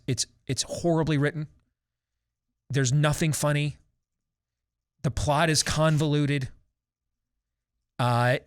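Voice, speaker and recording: A man in his forties hosting a talk show, ranting sarcastically and theatrically in opinionated commentary. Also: on the high side. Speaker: host.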